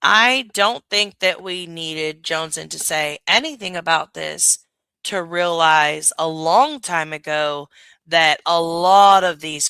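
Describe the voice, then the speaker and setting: A woman's voice: deep voice, clean tone, no room sound. A woman hosting a casual reaction commentary, talking bluntly with plenty of swearing. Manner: blunt, profane, laughing, animated. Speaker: commentary channel host.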